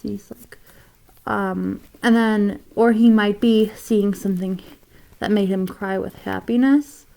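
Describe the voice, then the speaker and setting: Slow, gravelly woman teaching drawing. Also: medium pitch, fairly even intonation. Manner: rambling, with fillers and soft asides. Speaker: drawing tutor. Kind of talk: casual drawing tutorial.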